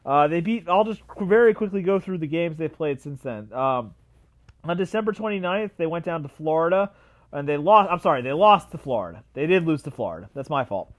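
A young man hosting a solo sports podcast, ranting with animated repetition and frequent fillers. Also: fairly high pitch, brisk. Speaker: podcast host.

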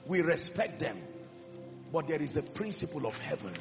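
Male preacher, impassioned sermon, high animated voice, slightly dull recording. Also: moderate pace. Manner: impassioned, swinging from loud declarations to hushed emphasis. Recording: echoey hall with music behind, dull sound. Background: music.

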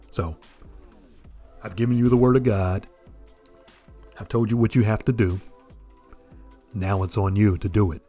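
A man's voice: lowish voice, fairly even intonation, a little slow, long pauses, warm tone, soft background music. A male preacher delivering an earnest, emphatic sermon and addressing the listener directly.

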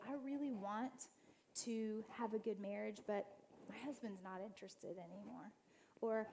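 A woman in her thirties giving a talk to a church women's group, telling funny personal stories in an animated way. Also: a little high, slight background noise. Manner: animated storytelling, laughing at herself. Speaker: guest speaker.

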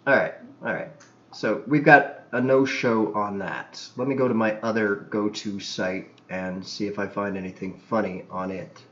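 A man's voice: on the low side, steady tone, moderate pace, fairly bright tone, roomy sound, highs cut off. A man from Canada hosting a podcast, telling crude anecdotes in a rambling way, full of fillers and restarts. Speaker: podcast host. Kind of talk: casual podcast chat.

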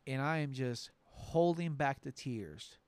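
Animated man telling stories on a podcast. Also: medium pitch, slow, clear, resonant tone, no room sound. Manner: animated storyteller, acts out quoted voices. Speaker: podcast co-host. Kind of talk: casual chat.

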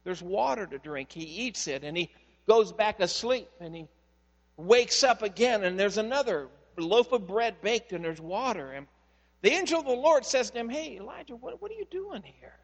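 A male pastor preaches with lively, conversational storytelling, his voice pitched notably high. Every phrase rings out into a long-echoing hall, as from a church sanctuary. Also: moderate pace. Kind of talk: sermon.

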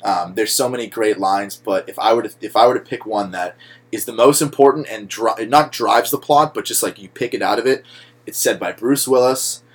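A young man co-hosting a podcast, talking casually and excitedly about a movie, with lots of fillers, swearing and laughs. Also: lowish voice, moderate pace, slightly rough. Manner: animated, swearing, many likes and laughs. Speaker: podcast co-host.

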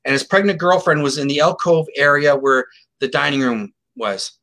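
A middle-aged man recounts a story as an interview guest, his voice bright and forceful. He talks in an animated, emphatic way, acting out the other people's lines as he goes. His voice sits a little higher than most men's. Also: moderate pace. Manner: animated, emphatic, acts out quotes. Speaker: guest psychic telling a case story.

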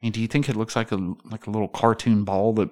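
A man's voice: on the low side, level tone, fast, a little mellow. A man co-hosting a podcast, riffing playfully on news stories in casual banter. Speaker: podcast co-host.

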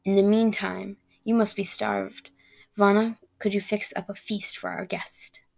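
An ancient silver dragon speaks in a low, measured rumble, calm and commanding, as a woman reads her aloud. The voice carries a gravelly edge and stays unhurried, like a storybook being read at home.

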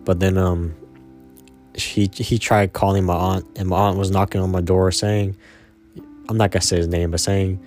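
A man's voice: deep voice, little pitch movement, normal speed, darkish tone, faint music behind. A man in his twenties telling a personal story casually, rambling and slangy, with lots of fillers. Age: 20s. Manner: rambling and slangy, full of "man" and "you know".

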